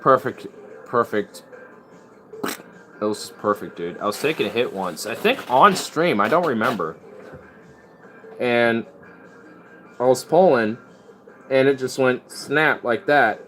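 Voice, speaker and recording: A man's voice: medium pitch, animated, slow, long pauses, fairly bright tone. A man rambling in casual chat as a streamer. He is laid-back and slangy and often breaks into laughs.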